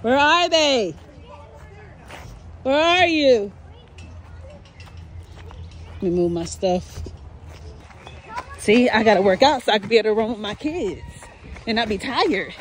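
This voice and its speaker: A woman's voice: medium pitch, animated, normal speed, long pauses, slight background noise. A young woman and mother hosting a casual family vlog, talking playfully and upbeat with her kids outdoors and then in the car.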